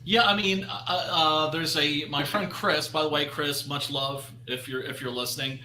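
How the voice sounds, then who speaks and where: Guy on a podcast, kinda high voice, lots of uhs, faint hiss. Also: fairly even intonation, normal speed, sharp tone. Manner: hesitant, filler-heavy. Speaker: podcast co-host. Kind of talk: casual chat. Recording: echoey room, faint noise.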